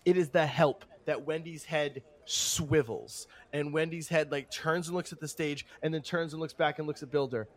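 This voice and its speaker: Animated higher-voiced male game master. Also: moderate pace, few pauses. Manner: animated narration with sudden shouted character bits. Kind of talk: narrating a tabletop game.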